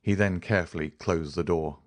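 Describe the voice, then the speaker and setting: A man narrating a classic novel as an audiobook, in a steady, even storytelling manner. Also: sits low, moderate pace.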